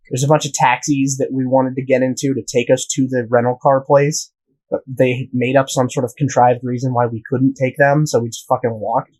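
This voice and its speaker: A man's voice: medium pitch, darkish tone, rough recording. A young man from the United States telling a rambling, profane story in casual podcast chat. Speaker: podcast host.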